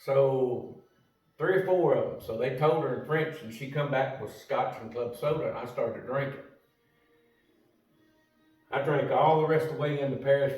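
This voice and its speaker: A man's voice: medium pitch, a little mellow. An older man, telling a story in a salty, profane, folksy way. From United States. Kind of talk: casual storytelling. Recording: roomy echo from a distant mic.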